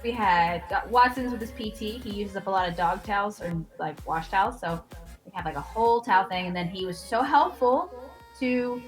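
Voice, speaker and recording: A woman co-hosting a casual live stream from her home office, talking in a wry, chatty way. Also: mid-range voice. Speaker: co-host.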